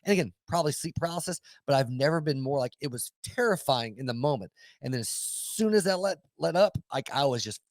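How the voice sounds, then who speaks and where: A man's voice: on the high side, brisk, dry recording. A man co-hosting a podcast, swearing a lot as he tells a story in casual chat. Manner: profane, animated storyteller. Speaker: podcast co-host.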